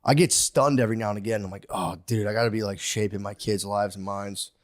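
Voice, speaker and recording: A man in his thirties co-hosting a podcast, rambling and excitable, acting out quotes as he tells stories. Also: fairly low pitch, quick pace. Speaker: podcast co-host. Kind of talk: casual chat. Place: podcast studio.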